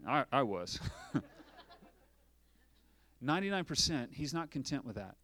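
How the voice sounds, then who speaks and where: A man's voice: mid-range voice, sing-song, measured pace, fairly bright tone. A man preaching a sermon as pastor, asking rhetorical questions and acting out little dialogues.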